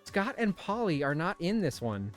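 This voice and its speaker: A man hosting a gameplay video, chatting casually and reading game text aloud, animated and often laughing. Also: high voice, moderate pace, soft background music. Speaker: let's play host.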